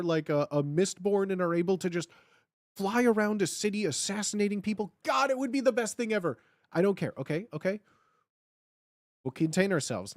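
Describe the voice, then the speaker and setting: A young man streaming live, chatting casually and excitedly, rambling with lots of fillers and restarts. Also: high voice, no echo, clean studio sound.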